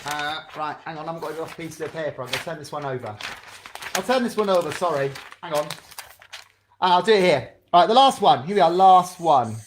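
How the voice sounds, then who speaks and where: A man's voice: a little high, expressive, fairly quick, background noise. A man leading a drama club over a video call, chatty and encouraging as he fumbles with the setup.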